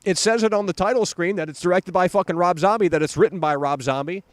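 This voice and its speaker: A young adult man hosting a live stream, talking casually about horror films in an animated, profane way with lots of fillers and repeats. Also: high-pitched, quick pace, no room sound.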